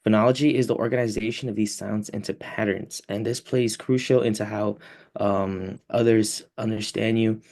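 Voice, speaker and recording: A young man explaining a class topic as a student presenter, pausing often with fillers. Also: on the low side, fairly even intonation, a little mellow.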